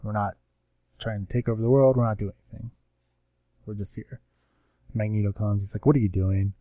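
A man with a somewhat low voice talks through a comic issue in a loose, rambling way. He fills the gaps with ums and slips into quick quoted lines from the characters. The sound is dry and close, with no room around him. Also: steady tone, no echo, narrow, tinny audio. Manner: rambling recap with acted-out quotes and many fillers. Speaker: comics podcast co-host. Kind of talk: casual chat.

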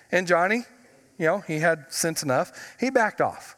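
Folksy pastor preaching in a reverberant church. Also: male voice, high-pitched, animated, moderate pace, a bit bright. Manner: folksy storytelling with humor and emphatic stretched words. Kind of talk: sermon. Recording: long reverb of a church sanctuary.

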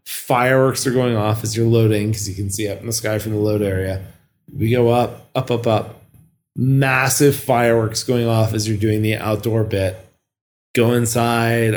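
A man in his thirties, co-hosting a podcast and telling a story in casual chat, animated and getting teary as he talks. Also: medium pitch. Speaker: podcast co-host.

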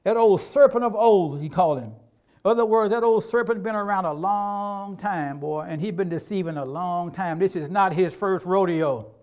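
A man's voice: high voice, moderate pace, darkish tone, clear, resonant tone. An older man preaching a sermon as pastor, in a folksy, emphatic and colloquial way.

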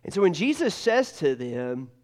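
A man's voice: on the high side, big pitch swings, moderate pace, darkish tone. A man preaching a casual, joking sermon, telling stories with lots of restarts. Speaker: pastor. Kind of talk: conversational sermon.

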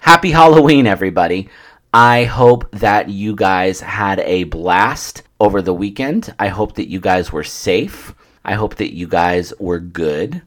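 A male podcast host with a deep voice, chatting through a comedic monologue. He is self-deprecating and swears casually as he talks.

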